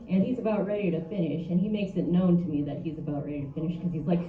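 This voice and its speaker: A woman's voice: medium pitch, animated, fairly quick, crowd noise. A woman performing a stand-up comedy set at a brewery open mic, telling crude stories in a bold, chatty way. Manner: bold, crude, conversational storytelling. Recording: roomy, distant, dull, noisy live room.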